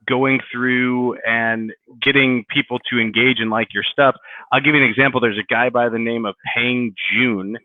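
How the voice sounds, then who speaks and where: A man's voice: mid-range voice, no echo. A man hosting an interview, talking in a conversational way and telling anecdotes. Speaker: podcast host. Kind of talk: casual interview talk. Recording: dry, phone-like sound.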